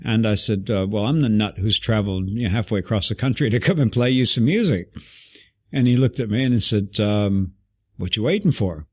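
A man guest telling an animated story in an interview, acting out the voices of people he quotes. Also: fairly low pitch, fairly quick.

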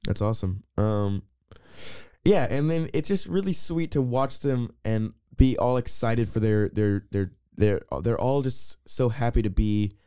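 A young man co-hosts a podcast, rambling casually about a movie with lots of restarts and playful banter. His mid-range voice is warm, clear, and resonant, a little slow, captured dry with clean studio sound.

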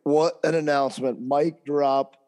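Hyped-up man with a mellow, dark voice. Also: on the high side, steady tone, measured pace. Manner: hyped and jokey, with bro slang. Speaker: podcast co-host and strength coach. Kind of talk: casual podcast chat.

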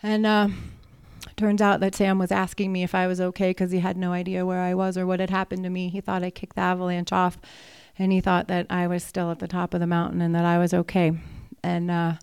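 Woman, storyteller, animated, acts out her thoughts, crisp clear voice, dry close sound. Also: fairly low pitch, a little fast, no room sound. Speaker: storyteller, mountain guide. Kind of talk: personal storytelling.

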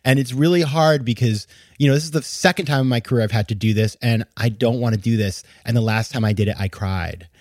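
Medium in pitch and a little fast, this man's darkish voice hosts a podcast full of exasperated, emphatic casual remarks, broken up by occasional laughs. The sound is clean and dry, like a studio.

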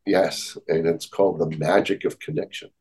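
Low, slightly husky male therapist guest; earnest, reflective, repeats key phrases. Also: fairly even intonation, normal speed, darkish tone, low-quality recording. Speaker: therapist and author, podcast guest. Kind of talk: conversational interview.

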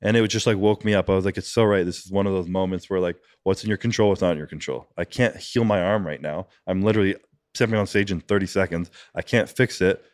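A man with a very low voice speaks quickly and loosely, filling every thought with "like" and dropping curse words as he goes. The sound is close and dry, with no room around it, as in a podcast studio. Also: no room sound. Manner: rambling, fillers of "like", frequent swearing. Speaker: podcast guest, bodybuilding competitor. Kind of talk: casual podcast conversation.

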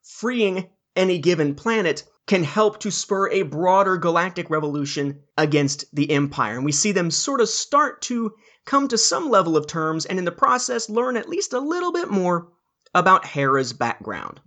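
Podcast host guy, bit high voice, sums things up then passes it on. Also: sing-song, normal speed, pushed and bright. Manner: summarizing, handing over turns. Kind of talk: casual discussion.

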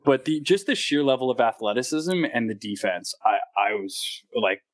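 A man with an everyday mid-range voice co-hosts a podcast. He talks in loose, halting runs with many fillers. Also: medium pitch, animated. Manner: rambling, halting, lots of fillers. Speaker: podcast co-host. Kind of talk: casual chat.

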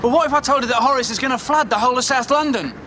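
A man's voice: very high voice, very fast. An actor playing an urgent political ally, pressing another man to help in a comedy film. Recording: film soundtrack with clear water noise.

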